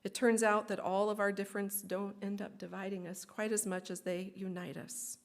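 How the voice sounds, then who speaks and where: Woman minister telling a kids story in a service, expressive, mid-pitched voice. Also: normal speed, vocal fry. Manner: expressive storytelling, gently inviting. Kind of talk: story for all ages in a worship service.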